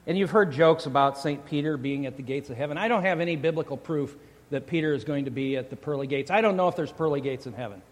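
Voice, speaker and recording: A man preaches with a fairly high voice, chatty and joking, often stopping to restart a phrase. His sermon carries a long reverb from a large church hall. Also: quick pace. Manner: conversational, joking, frequent restarts. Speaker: pastor. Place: church sanctuary.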